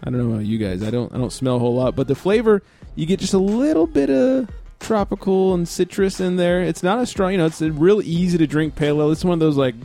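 A man hosting a casual beer podcast, relaxed and chatty, laughing often. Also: high voice, fast talker, soft background music. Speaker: podcast host. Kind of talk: casual chat.

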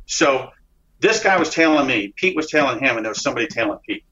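A man, an interview guest, telling a dramatic story in a rambling, excited way with frequent restarts and swearing. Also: medium pitch, fast talker. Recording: dull lo-fi recording.

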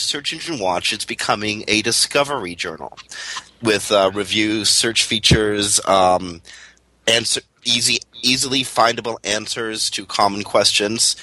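A Canadian man co-hosting a radio talk show, chatting casually and joking as he rambles through restarts and fillers. His voice is bright and swings lively in pitch. It is picked up close on a studio mic with a dry sound. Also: dry recording, low-quality recording.

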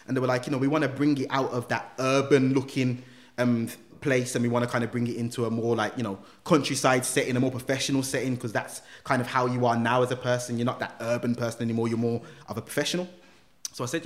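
A man telling an animated personal story as a podcast guest, full of slang. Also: mid-range voice, fairly quick. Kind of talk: casual storytelling.

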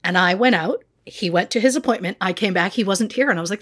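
A woman's voice: mid-range voice, fast, a bit bright, slightly rough. A woman co-hosting a podcast in casual chat, joking about her own anxieties with frequent laughter. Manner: self-mocking, anxious humor with frequent laughs. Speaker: podcast co-host.

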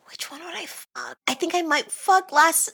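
A woman's voice: extremely high pitch, creaky, pushed and bright. A woman co-hosting a podcast in casual chat, musing aloud in a wry way. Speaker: podcast co-host.

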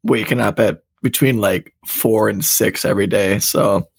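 A man's voice: lowish voice, measured pace, gravelly, breathy edge, no echo. A man in his thirties co-hosting a podcast, joking and telling rambling stories in casual banter. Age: 30s. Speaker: podcast co-host.

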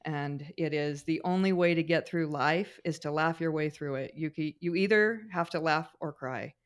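A woman's voice: low voice, normal speed. A middle-aged woman co-hosting a podcast, telling family stories in a casual chat, with frequent fillers and restarts. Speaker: podcast co-host.

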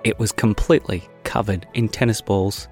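A man's voice: on the low side, steady tone, moderate pace, a little mellow, faint music behind. A man reading a silly children's story aloud in a playful, bouncy way. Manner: playful, bouncy, does many kids' voices.

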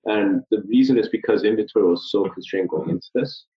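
A man hosting a casual panel chat, relaxed and joking with his guests. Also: fairly low pitch, brisk, reverberant, muffled recording. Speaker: host.

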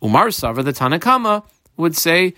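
Lively man teaching a Talmud page. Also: a little high, fairly quick, dry recording, clean studio sound. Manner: translates Aramaic phrases line by line, guiding page markings. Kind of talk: daily page study lesson.

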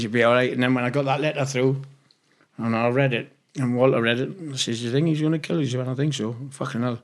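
A man's voice: mid-range voice, fairly even intonation, fast talker. Swearing man spinning rambling stories. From England. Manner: rambling, swears freely, acts out quoted dialogue. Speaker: guest. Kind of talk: casual storytelling interview.

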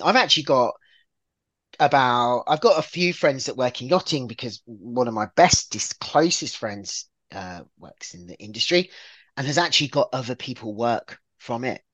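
Male guest from England, lively storyteller, mid pitch, dry sound, lots of restarts. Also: no room sound. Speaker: podcast guest. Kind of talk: casual podcast chat.

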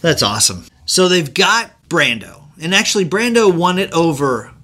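A man chatting casually as a podcast co-host, his voice bright and somewhat high for a man. He tells stories about old films with relish and slips quick quoted lines into the telling. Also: big pitch swings. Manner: storytelling, acts out quotes in quick asides. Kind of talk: casual chat about film history.

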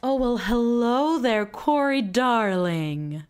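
A woman's voice: fairly high pitch, animated, slow pace, clean tone, soft background music, pitched above the performer's own voice. Woman putting on a glamorous flirty alien bartender. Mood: flirtatious. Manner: sweet, teasing, calls people darling.

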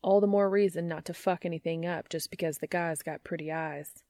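A woman voicing a gruff, sardonic young man in a read-aloud story. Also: lowish voice, fairly even intonation, fairly quick, warm tone, no echo, clean studio sound, lightly acted. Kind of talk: fan fiction audiobook reading.

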